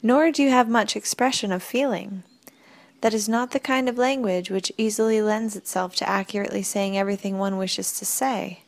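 A woman reading as a calm, wise young forest woman. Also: mid-range voice, moderate pace, lightly acted. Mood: patient. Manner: patient, gently explaining. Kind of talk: audiobook reading.

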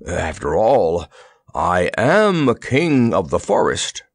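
A man voicing a big gentle male lion in a storybook reading, slow and wheezing. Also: low voice, sing-song, breathy edge, no echo, full character voice. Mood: proud.

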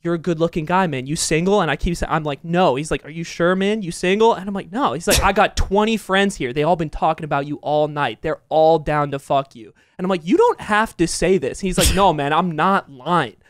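Slightly fast and with few pauses, a young podcast co-host in a casual storytelling chat recounts events with lots of laughter, acting out the quotes as he goes. His voice runs on the high side, and the audio is clean studio sound with no room noise.

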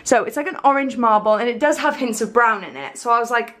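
Woman vlogger, rambling and giggly, high-ish voice, filming herself at home on a handheld camera. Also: quick pace, hardly any pauses, a bit bright. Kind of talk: casual home vlog chat. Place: home, indoors.

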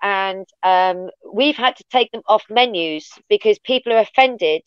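An English woman talking as an interview guest, blunt and animated, swearing freely as she tells stories. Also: medium pitch, measured pace, clean tone, dry recording, lo-fi sound. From England. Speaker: wrestling guest. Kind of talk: casual interview chat.

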